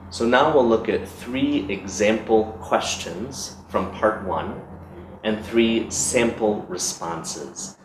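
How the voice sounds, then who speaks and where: Low-voiced teacher in an echoey room. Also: male voice. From United States. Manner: measured, explanatory, reads out sample questions. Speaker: English teacher. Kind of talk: exam preparation lesson. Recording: echoey room with background noise.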